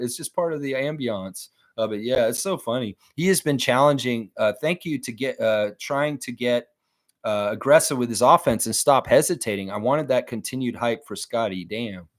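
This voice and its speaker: A man hosting a live stream, chatting casually and reading viewer comments aloud between rambling thoughts. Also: medium pitch. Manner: rambling, reads chat aloud, laughs often.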